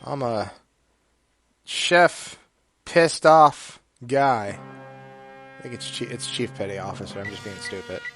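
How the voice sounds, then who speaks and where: A man giving rambling, jokey gameplay commentary, with sudden loud bursts of excitement. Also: mid-range voice, slow, long pauses. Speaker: gaming YouTuber. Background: game music.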